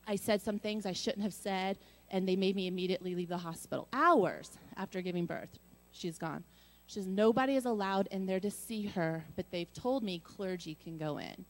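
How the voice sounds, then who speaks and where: A woman's voice: mid-range voice, a little mellow. A middle-aged woman giving a personal testimony, telling her story earnestly and acting out the dialogue. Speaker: speaker sharing a personal story.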